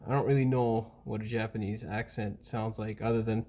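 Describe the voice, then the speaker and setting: A man's voice: on the low side, little pitch movement, a little fast, mellow. A man hosting a hands-on car repair tutorial, talking in a casual, blunt and mildly profane way, recorded on a camera mic in a garage workshop. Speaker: mechanic and channel host.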